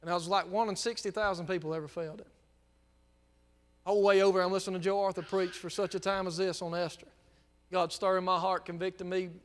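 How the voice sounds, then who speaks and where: A man from Mississippi with a Southern US accent, preaching a sermon as a pastor and telling folksy personal stories that build into fervent shouting. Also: high-pitched, little pitch movement, quick pace, long reverb tail. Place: church sanctuary.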